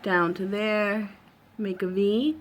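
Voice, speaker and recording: Crowd noise sits behind this Boston-accented woman in her thirties, whose medium-pitched voice stays steady and slow. She's running a laid-back makeup tutorial at home, chatting reassuringly and filling her talk with lots of fillers.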